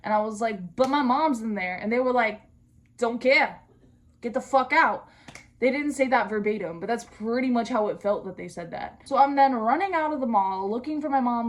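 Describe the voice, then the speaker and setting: A woman's voice: on the high side, lively intonation, a little fast. A young adult woman vlogging, chatting casually through a storytime while she does her skincare, slangy and profane with comic asides.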